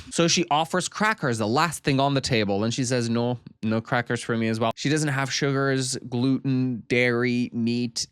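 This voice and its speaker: A man's voice: mid-range voice, fairly bright tone, no room sound, studio quality. A man casually recapping a comedy movie, laughing often and swearing freely as he animatedly retells scenes. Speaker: movie reviewer.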